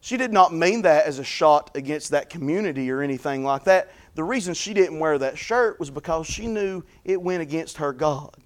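A man preaching a fervent sermon, moving between quiet folksy stories and loud repeated calls of blessing. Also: fairly high pitch, expressive, moderate pace, few pauses.

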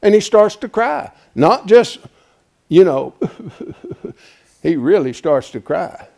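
A man preaching a folksy Bible teaching sermon, quizzing his congregation and swinging between hushed asides and loud, emphatic points. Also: high voice, big pitch swings, slow pace, gravelly. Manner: asks the congregation questions and draws answers; homespun and colloquial, with frequent "folks" and "ain't".

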